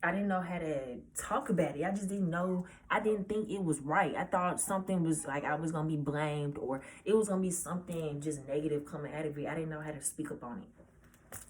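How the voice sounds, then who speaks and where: A nineteen-year-old woman telling a personal story in a casual, halting way, often restarting her sentences. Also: sits low, breathy edge. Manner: halting, hesitant, with many restarts; casual, informal speech. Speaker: vlogger.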